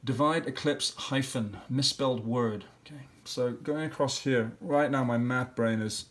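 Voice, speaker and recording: A man's voice: medium pitch, a little slow, a bit bright. A man teacher working through practice questions, thinking aloud step by step and sounding out letters and syllables. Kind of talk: classroom lesson walkthrough.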